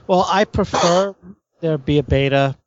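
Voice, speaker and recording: A man with a slightly raised pitch hosts a casual gaming podcast. He stumbles through restarts and keeps the talk loose. The audio sounds muffled and lo-fi. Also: no room sound. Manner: halting, restarts often, laughs easily.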